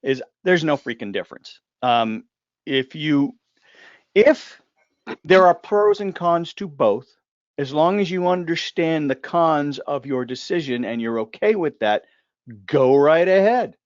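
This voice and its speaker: A man's voice: fairly high pitch, animated, unhurried, dry recording, highs cut off. A man hosting a casual live discussion, talking in a joking, rambling way full of asides and restarts. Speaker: host.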